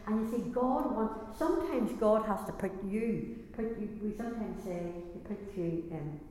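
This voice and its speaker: A woman's voice: medium pitch, moderate pace, mellow. Woman preacher, earnest sermon delivery with restarts, very echoey church hall. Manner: earnest, repeats and restarts phrases, rises in intensity.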